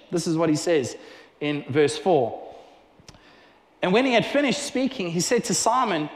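A man preaching a sermon, telling Bible stories with lively acted-out dialogue. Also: sits high, normal speed. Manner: animated storytelling with acted-out dialogue. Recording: echoey hall with long reverb.

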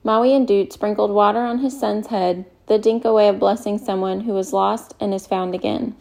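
Audiobook narrator: woman, measured, mellow, gravelly. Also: mid-range voice. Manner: calm, measured storytelling. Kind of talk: scripted narration.

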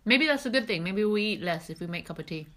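A woman's voice: mid-range voice, animated, fast talker, pushed and bright. A woman co-hosting a podcast, chatting casually and giggling as she goes. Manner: laid-back, giggly, chatty. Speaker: podcast co-host. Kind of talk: casual chat.

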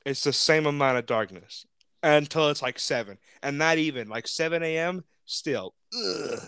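A man's voice: a little high, normal speed, smooth, dry recording, studio quality. A young man, co-hosting a casual chat and telling stories with frequent laughter. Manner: laughs often, animated storytelling. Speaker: podcast co-host.

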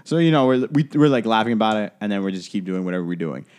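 Young guy, podcast co-host, lower voice, loose casual storyteller who swears and rambles with fillers. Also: animated, fast talker, darkish tone, clean tone. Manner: rambling, profane, lots of fillers and "like".

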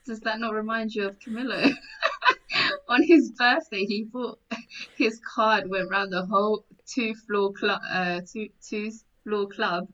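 A woman's voice: mid-range voice, fairly even intonation, a little slow, fairly bright tone, muffled recording. A woman hosting a casual chat, giggling as she tells stories and acts out what people said.

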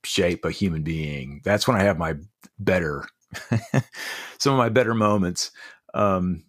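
A middle-aged man telling heartfelt stories as a podcast guest, halting and restarting often. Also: deep voice. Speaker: podcast guest, leadership coach. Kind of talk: casual interview storytelling.

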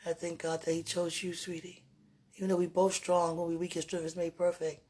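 Soft-spoken husky woman, tender and halting. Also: fairly low pitch, level tone. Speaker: partner speaking to a loved one. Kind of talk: intimate emotional monologue with prayer.

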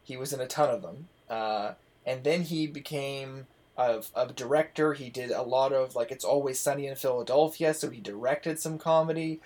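A man's voice: medium pitch, moderate pace, hardly any pauses, darkish tone. Enthusiastic rambling man on a podcast. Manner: enthusiastic, rambling, swears casually. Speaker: podcast host. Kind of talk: casual chat.

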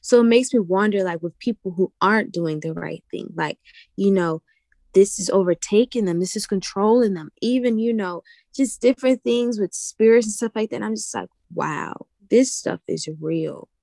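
Earnest young woman, halting testimony. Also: mid-range voice, dark tone, no room sound. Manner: earnest, halting, repeats herself. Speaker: guest sharing a vision. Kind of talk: casual testimony.

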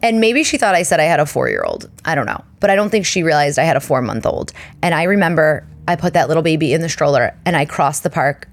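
A woman in her thirties hosting a podcast, telling a story in a chatty, animated way and acting out the people in it. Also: low voice, quick pace, hardly any pauses. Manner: chatty and animated, acts out quoted voices. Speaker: podcast host. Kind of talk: casual storytelling monologue.

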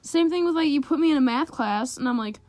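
A teenage girl with a high, bright voice chats breezily as a co-host. Her talk is filled with "like" and playful slang. The sound is close and dry. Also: fast, no echo. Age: teens. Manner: bubbly, lots of "like", playful slang. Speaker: podcast co-host, daughter. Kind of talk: casual chat.

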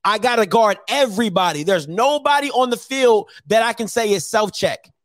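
A man's voice: high voice, normal speed, no room sound. A man on a sports talk show, arguing his point insistently and repeating himself for emphasis. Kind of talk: heated sports debate.

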